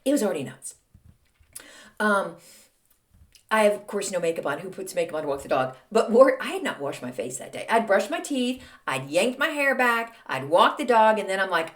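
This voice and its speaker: A middle-aged woman, hosting a casual solo podcast with snarky, chatty, exasperated rants and quick asides. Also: mid-range voice, big pitch swings. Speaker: podcast host.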